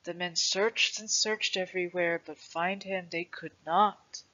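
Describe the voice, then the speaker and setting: A reader voicing an old grandfather who tells a legend to his grandson in a patient, gentle way. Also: medium pitch, steady tone, measured pace. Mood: wondering. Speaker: storyteller. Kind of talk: storybook reading. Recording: dull lo-fi recording.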